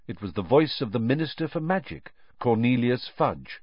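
A man narrating an audiobook with an expressive, dramatic reading. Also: mid-range voice, moderate pace, few pauses, breathy edge, no room sound, lo-fi sound.

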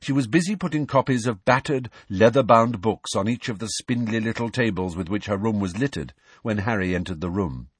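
Expressive male audiobook narrator, husky and dry. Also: on the low side, a little fast, few pauses, no room sound. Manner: expressive reading. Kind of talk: storybook narration.

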